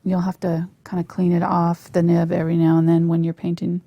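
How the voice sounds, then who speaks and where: A woman teaching a live painting lesson on a lapel mic, soft-spoken and often dropping to a near whisper as she works. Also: on the low side, monotone, a little fast, vocal fry, no room sound, muffled recording. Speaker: painting instructor.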